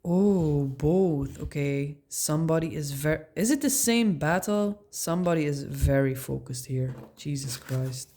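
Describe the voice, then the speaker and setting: A woman's voice: deep voice, unhurried, hardly any pauses, mellow. A woman giving a casual tarot reading, musing aloud in slang and laughing often. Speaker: tarot reader.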